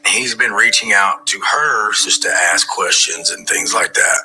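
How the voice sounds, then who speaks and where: A man's voice: lowish voice, measured pace, bright, forceful tone, slight background noise, poor audio. A man in a reality TV confessional, talking bluntly and heatedly about protecting his wife. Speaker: reality show husband. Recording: reality TV clip with music.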